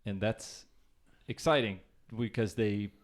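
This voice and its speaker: A man's voice: fairly low pitch, takes it slowly. A man co-hosting a podcast in casual chat, reflective and enthusiastic as he tells anecdotes. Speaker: podcast co-host.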